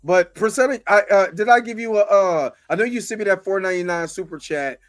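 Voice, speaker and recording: His voice sits high and runs a little fast as this American man hosts an impassioned livestream. He vents with frustration, says things more than once, and calls out viewers by name to thank them.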